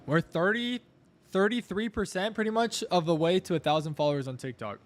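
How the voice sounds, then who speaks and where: A young man live-streaming his crypto trading, chatting casually, thanking viewers and coaxing the price chart out loud. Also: sits high, brisk.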